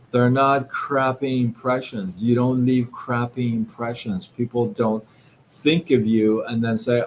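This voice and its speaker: A man hosting a live stream, giving a casual motivational talk in a slow, reflective way, with many fillers and restarts. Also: mid-range voice, level tone, a little hiss or hum. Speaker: livestream host. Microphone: live-stream setup.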